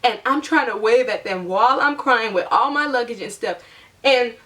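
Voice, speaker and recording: A young woman vlogger telling a storytime in a chatty, animated way, acting out her own past lines. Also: a little high, normal speed, far from the mic. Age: young adult. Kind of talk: storytime vlog.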